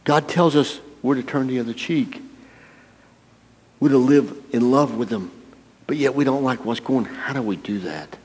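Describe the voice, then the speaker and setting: A man's voice: mid-range voice, normal speed, darkish tone, slightly rough. A man preaching a folksy, playful sermon, calling out to people in the congregation by name. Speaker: pastor. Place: church. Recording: long reverb of a church hall.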